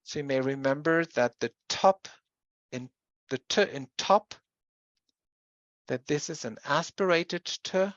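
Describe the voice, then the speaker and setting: University lecturer, measured explanatory delivery, muffled dry recording. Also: mid-range voice, no echo. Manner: explanatory, with pauses and self-corrections.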